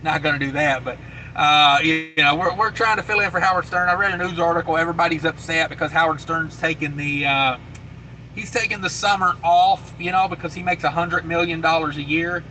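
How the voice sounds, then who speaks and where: A man chats loosely on a trucking livestream, reading out viewer comments and repeating himself as he goes. His voice sits a bit high and comes across tense and forceful. A faint hum of vehicle noise runs underneath. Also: a little fast, rough recording. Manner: laid-back and rambling, with many fillers and repeated phrases. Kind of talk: casual live chat, reading viewer comments aloud.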